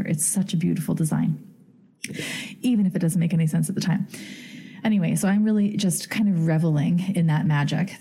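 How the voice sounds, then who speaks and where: A woman's voice: low voice, warm tone. A woman hosting a podcast, telling a story in a giddy, chatty way full of fillers. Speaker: podcast host.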